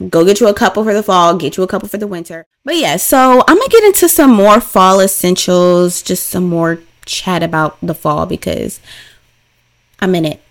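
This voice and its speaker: A woman's voice: fairly low pitch, normal speed. Chatty woman podcast host, playful. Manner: chatty, playful and animated, repeats lines for emphasis. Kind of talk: casual solo podcast chat.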